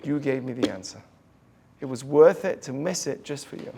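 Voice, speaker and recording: A man voicing a calm, content elderly rabbi in a soft and serene way. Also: mid-range voice, normal speed, background noise, pitched below the performer's own voice, close to an everyday voice.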